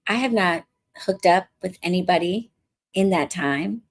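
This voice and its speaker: At a measured pace and fairly low pitch, a woman from the Bronx, New York, relates a casual story, chatting animatedly and acting out people's words. She's an adult witchcraft coach and podcast host, married since before 2020.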